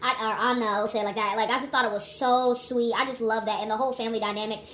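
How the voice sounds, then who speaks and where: Young woman vlogger, slightly high voice, casual rambling review, emphatic and chatty, faint room hum. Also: steady tone, quick pace, fairly bright tone. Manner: chatty, emphatic, many restarts and asides.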